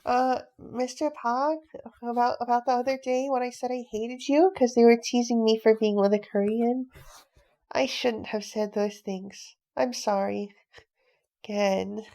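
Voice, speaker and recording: Give me a woman playing an excitable little boy with a high voice in a storybook reading. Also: measured pace. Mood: apologetic. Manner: eager and excitable. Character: young boy, cheerful and hot-headed.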